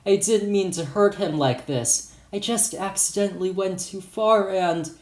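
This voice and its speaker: A remorseful woman teacher apologizes in a tearful, lifted voice, as a male narrator puts her on. The voice sits higher than his own and rings in an echoey room. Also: unhurried, a little mellow.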